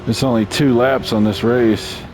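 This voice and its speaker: A man hosting a casual let's-play video, chatting through a racing game in a relaxed, self-mocking way. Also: mid-range voice, measured pace, slight background noise. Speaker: gaming channel host.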